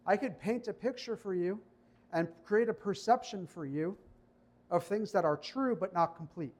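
A man with a high-pitched voice preaching a sermon in a church. He keeps it conversational and personal, and he slows his pace when reading Bible verses aloud. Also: a little mellow. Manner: conversational preaching, reads scripture slowly. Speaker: pastor.

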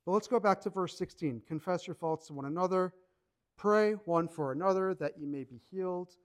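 A man's voice: high voice, normal speed. A man preaching a sermon in a conversational, emphatic way, acting out short quotes as he goes. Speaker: pastor.

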